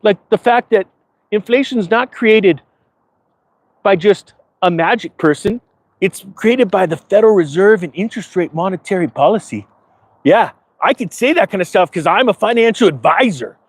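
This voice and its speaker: A man's voice: sits high, animated, moderate pace, dry recording. A man playing a smug, self-important financial advisor persona, talking sarcastically and rambling to camera outdoors. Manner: sarcastic, boastful, rambling with asides. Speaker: finance vlogger. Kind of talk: comedic persona monologue to camera. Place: outdoors in front of a big-box store.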